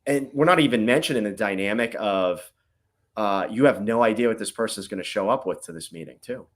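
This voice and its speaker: A man's voice: on the low side, fairly quick. A man, a guest on a podcast, explaining his old job in loose, rambling talk that keeps checking in with "right?". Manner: rambling, filler-heavy, keeps adding "right?". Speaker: guest, former intelligence officer. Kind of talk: casual interview chat.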